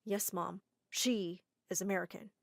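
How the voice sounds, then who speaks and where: A woman voicing a quiet young adult brother in an animated story. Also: mid-range voice, a little slow, gravelly, no echo, clean studio sound. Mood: calm.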